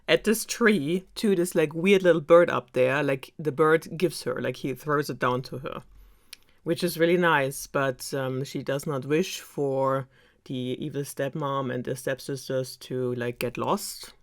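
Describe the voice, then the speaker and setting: A woman's voice: rumbling low, a little slow. A young woman from Germany with a German accent, casually retelling a fairytale with lots of fillers and sarcasm. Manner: rambling, filler-heavy, lots of "like" and "um". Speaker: storyteller.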